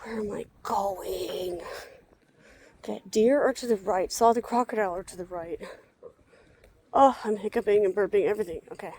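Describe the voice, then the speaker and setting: Young woman, vlogger, rambling, wry muttered asides, tired and slightly out of breath, outdoors, handheld mic, medium pitch. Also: normal speed, pauses often, a little mellow, slight background noise. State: tired and a bit out of breath from walking. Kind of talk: rambling walk-and-talk vlog. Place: outdoors walking through a zoo.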